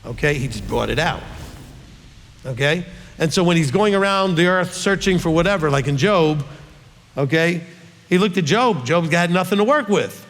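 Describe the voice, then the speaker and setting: A man with a fairly high voice leads a conversational scripture Q&A as a rabbi. He presses his points hard and keeps asking "okay?". His voice carries a long hall reverb. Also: lively intonation, moderate pace, a bit bright. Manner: emphatic, ends points with "okay?". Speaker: rabbi teaching a Q&A. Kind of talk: conversational Bible teaching.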